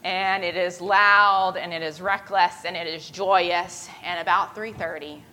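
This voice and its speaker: A woman preaching a sermon, retelling a story with lively voiced quotes. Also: fairly low pitch, measured pace, slight background noise, rough recording.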